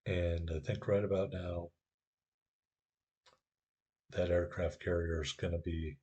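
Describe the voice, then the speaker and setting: A man's voice: low-pitched, slightly rough. A man giving a sarcastic, wry voice-over commentary on his own gameplay.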